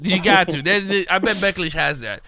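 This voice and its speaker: A man co-hosting a casual podcast, animated and laughing often as he acts out his callers. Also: high voice, moderate pace. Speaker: podcast co-host. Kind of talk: casual chat.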